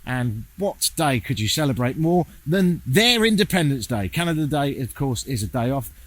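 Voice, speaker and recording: A man's voice: medium pitch, very animated, normal speed, no room sound. A man making a casual travel vlog while walking outdoors, sardonic and self-mocking, swearing freely. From England. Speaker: travel vlogger. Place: outdoors, walking through a town.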